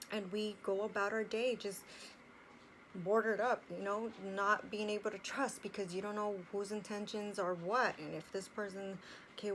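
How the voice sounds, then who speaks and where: A woman talks openly and warmly to her viewers in a casual home vlog, leaning on "you know" as she goes. Her voice sits in a middle pitch, and a faint background noise hums under the recording. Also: low-quality recording. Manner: chatty and earnest, with frequent "you know" fillers. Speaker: vlogger. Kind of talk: casual personal vlog talk.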